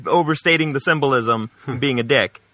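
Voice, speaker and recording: A man's voice: medium pitch, brisk, bright, forceful tone. A man co-hosting a casual podcast chat, talking in a jokey way and often repeating words as he starts a thought. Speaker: podcast co-host.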